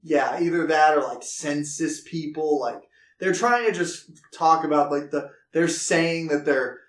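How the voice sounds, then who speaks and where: A man's voice: a little high, unhurried. A man co-hosting a casual movie review podcast, rambling with lots of fillers as he retells scenes. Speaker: podcast co-host. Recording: echoey room.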